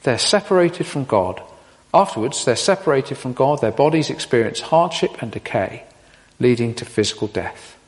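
A man preaching a sermon in an animated way, with rhetorical questions and playful asides. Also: medium pitch, moderate pace. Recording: long hall reverb.

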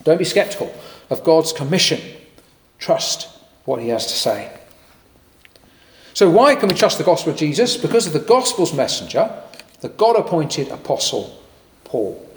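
A man preaching a sermon in a lively, conversational way with occasional fillers and jokey asides. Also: a little high, moderate pace, long pauses, slight background noise. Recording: echoey hall with long reverb.

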